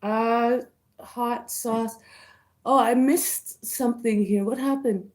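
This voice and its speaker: A woman vlogger eating on a livestream and greeting her chat viewers by name between bites, murmuring over the food. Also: a little high. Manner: slow, chewing, savoring food with murmurs. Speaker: mukbang vlogger.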